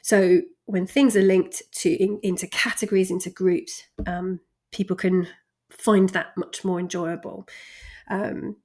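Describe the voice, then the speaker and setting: A woman's voice: lowish voice, level tone, unhurried, a little mellow. Chatty woman coaching. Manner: chatty, laughs often, stresses key words. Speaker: communication coach. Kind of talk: recorded lesson.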